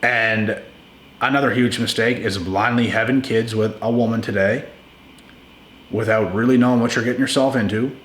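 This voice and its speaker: A man's voice: lowish voice, fairly even intonation, moderate pace, a bit bright, reverberant, a little hiss or hum. A man giving blunt, emphatic relationship advice in a casual monologue to his viewers. He repeats words for stress and calls listeners "bro".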